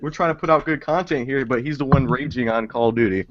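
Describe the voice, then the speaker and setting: Brief: male podcast co-host, mid pitch, excitable and foul-mouthed, dull lo-fi call sound. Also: fast talker. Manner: excitable, swears a lot, acts out game rants. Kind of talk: casual chat.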